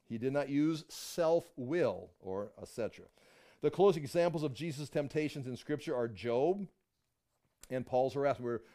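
An older man teaching a Bible study in a loose, rambling, conversational way, acting out the biblical voices with sudden jumps in pitch. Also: warm tone.

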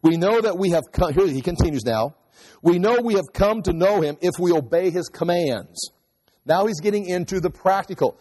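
A man preaching a sermon, teaching through Bible verses in a conversational way with quick asides and restarts. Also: sits high, animated, a little mellow, slightly rough, long reverb tail. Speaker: pastor.

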